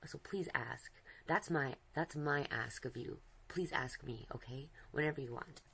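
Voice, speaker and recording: A woman's voice: very deep voice, a little slow, creaky, a bit bright, slight background noise, low-quality recording. A woman streamer chatting casually while she draws, rambling and giggly, affectionate, often breaking off mid-sentence. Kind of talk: casual chat while drawing.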